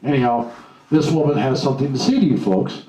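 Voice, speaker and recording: Blunt animated male speaker, echoey room. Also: medium pitch, brisk. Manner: blunt, animated storytelling with acted-out quotes. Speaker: motivational speaker. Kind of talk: live talk to an audience. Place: room with a live audience. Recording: echoey room, mic at a distance, faint noise.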